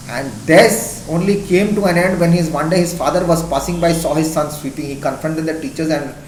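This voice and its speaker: A man's voice: a little high, a little hiss or hum. A man with an Indian accent giving an impassioned classroom lecture as a teacher. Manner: impassioned, emphatic. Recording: echoey classroom.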